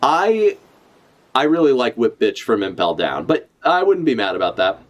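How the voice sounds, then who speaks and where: A man talking casually to his stream about a comic chapter, his voice sitting at an ordinary middle pitch. He rambles, swears freely and keeps correcting himself mid-sentence. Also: sing-song, normal speed. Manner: rambling, profane, self-correcting. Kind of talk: casual live reaction chat.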